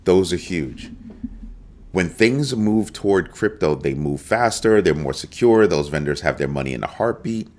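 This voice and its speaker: Deep-voiced man hosting live crypto commentary. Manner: animated, emphatic, greets chat viewers. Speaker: crypto show host.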